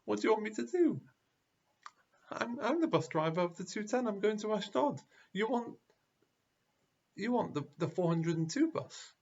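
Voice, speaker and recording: A man's voice: sits high, animated, moderate pace, creaky, long pauses, darkish tone, highs cut off, voice pushed up, full character voice. A man doing a stammering, reluctant bus driver. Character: weary male bus driver, apologetic then candid.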